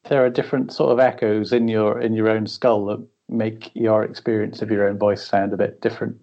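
A man's voice: on the low side, flat delivery, fairly quick, highs cut off. A man co-hosting a podcast in casual, jokey chat with frequent fillers. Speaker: podcast co-host.

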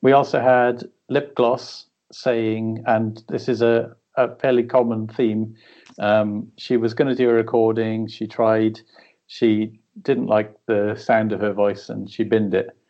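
A man chats as a podcast co-host, easygoing and jokey, with plenty of ums and restarts. His voice sits a little low. The recording sounds dull and lo-fi. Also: level tone, a little slow, darkish tone. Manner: chatty, jokey, with fillers. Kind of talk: casual chat.

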